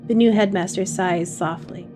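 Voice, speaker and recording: A woman's voice: mid-range voice, normal speed, soft background music. A woman hosting a let's play, reading a narrative game aloud and reacting with casual asides. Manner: lively, laughs and reacts to the text.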